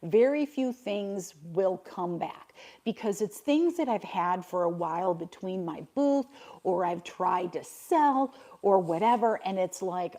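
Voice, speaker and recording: A woman's voice: medium pitch, expressive, measured pace, warm tone. Chatty grandmother hosting a livestream. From Buffalo, New York. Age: older. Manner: chatty, answers viewer comments, laughs often. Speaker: livestream host. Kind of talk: casual livestream chat.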